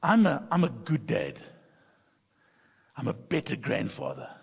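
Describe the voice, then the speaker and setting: A middle-aged pastor preaching a sermon, emphatic and humorous, moving between soft confiding talk and loud bursts. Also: male voice, medium pitch, animated, unhurried, creaky, husky. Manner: humorous storytelling. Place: church sanctuary. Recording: long reverb of a church hall.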